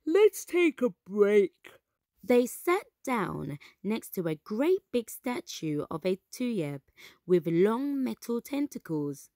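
Slow, expressive woman storyteller. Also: mid-range voice, no room sound, clean studio sound. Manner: gentle, expressive and unhurried. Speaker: children's storyteller. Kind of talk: reading a storybook aloud to children.

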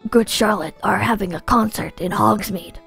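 A woman voicing a shy teenage boy wizard in a storybook reading, speaking low, quiet and hesitant. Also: normal speed, vocal fry, breathy edge, faint music behind, heavily acted.

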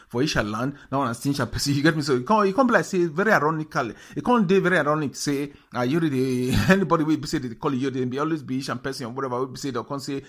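A man in Nigerian Pidgin English delivers loose, rambling commentary for his online channel. He talks quickly at a mid pitch and keeps turning back to his listeners in a chatty way. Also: fairly bright tone. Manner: rambling, chatty, frequent "you get me?". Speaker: YouTube news channel host. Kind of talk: casual commentary to camera.

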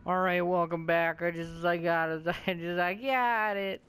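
A man's voice: high voice, fairly even intonation, a little slow, fairly bright tone, clean tone. A man giving casual let's-play commentary, joking and swearing at enemies, his voice a bit sore from talking all day. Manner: jokey, rambling, self-mocking.

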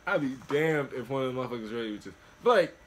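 A young man of middle pitch, relaxed and joking as he reacts alongside his friend. His talk is loose and profane, with a light hiss of background noise. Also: racing. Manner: laid-back, laughing, swearing. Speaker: reaction video co-host. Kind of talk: casual chat.

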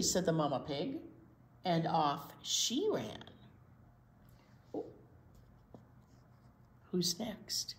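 A woman reading a picture book to small children, her voice rising and falling with great animation. She takes her time, stopping to ask little questions, in a room with a clear echo. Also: on the low side, big pitch swings, extremely slow, long pauses. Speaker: children's librarian. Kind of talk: picture-book read-aloud storytime.

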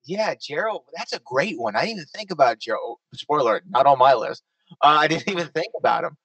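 A man hosting a casual panel chat, talkative and quick to laugh. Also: fairly high pitch, expressive, a bit bright, dry recording, far from the mic, rough recording. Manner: chatty, laughs often. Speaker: host.

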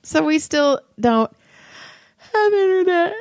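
A woman's voice: very high-pitched, lively intonation, slow pace, dry recording. A woman co-hosting a casual chat, telling a story in a chatty, playful way. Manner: chatty, laughs easily, playful. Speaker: podcast co-host.

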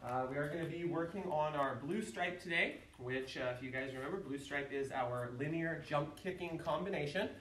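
A man teaching an online martial arts class, counting reps and giving instructions with bursts of shouted yells. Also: fairly high pitch, normal speed, few pauses, distant mic, slight background noise. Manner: energetic, calls counts and shouts kiai yells. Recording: echoey room, voice away from the mic.

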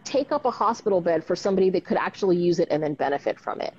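A woman's voice: on the low side, animated, very fast, a little mellow, breathy edge. A woman doctor talking frankly and animatedly on a live stream, often ending with tag questions. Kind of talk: casual conversation on a live stream. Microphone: video call. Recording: dull lo-fi live stream audio.

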